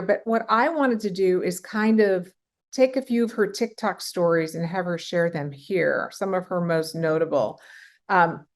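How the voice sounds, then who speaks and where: A woman hosting a podcast, asking questions in an enthusiastic, chatty way. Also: mid-range voice. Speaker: podcast host. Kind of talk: casual interview.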